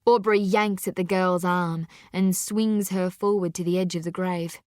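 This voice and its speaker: Slow, intense woman storyteller. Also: fairly low pitch, fairly even intonation, a little mellow, clear, resonant tone, no room sound, studio quality. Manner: slow, intense, deliberate delivery. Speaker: narrator. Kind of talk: dramatic storybook narration.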